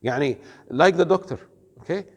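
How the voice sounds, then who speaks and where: A slightly high-pitched man with a darkish tone teaches an Islamic studies class in a classroom lecture, explaining things slowly and carefully. He quizzes his students and works Arabic terms into his speech. The lo-fi recording has a long reverb tail.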